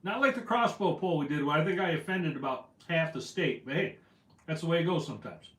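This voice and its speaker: A man's voice: a little high, expressive, a little fast, a bit bright. Chatty man hosting a fishing livestream. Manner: chatty, rambling, self-deprecating. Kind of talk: casual livestream chat reading comments. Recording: echoey room, voice from afar.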